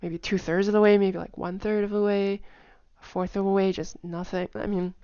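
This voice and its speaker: A woman's voice: mid-range voice, flat delivery, brisk, dark tone, smooth, no room sound. A woman giving a casual spoken lesson, chatty with many fillers, repeating example phrases over and over. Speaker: language teacher. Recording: dull, dry home recording.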